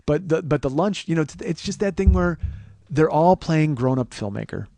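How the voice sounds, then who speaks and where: Gravelly-voiced comic in his forties, podcast host spinning a profane, rambling yarn; dry, close sound. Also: on the high side, normal speed, dry recording. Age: 40s. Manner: profane, rambling, animated storyteller. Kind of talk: comedic storytelling monologue.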